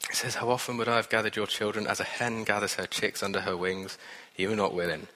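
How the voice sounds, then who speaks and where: A man's voice: lowish voice, flat delivery, fast, pushed and bright. Earnest man preaching in an echoing hall. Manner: earnest, conversational, with self-deprecating asides. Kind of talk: sermon. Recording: reverberant hall.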